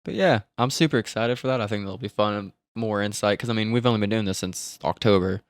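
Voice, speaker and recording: A man's voice: lowish voice, fast talker, no echo. A man co-hosting a podcast in casual chat, laughing and repeatedly failing at a Southern accent. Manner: keeps attempting a bad Southern accent, laughing a lot. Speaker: podcast co-host.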